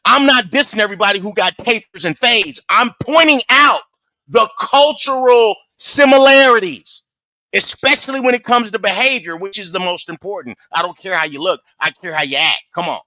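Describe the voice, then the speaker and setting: A man's voice: sits high, normal speed, pushed and bright, dry recording. A man hosting a reaction video, talking emphatically and preachily as he comments on footage. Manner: emphatic, preachy, keeps saying "come on".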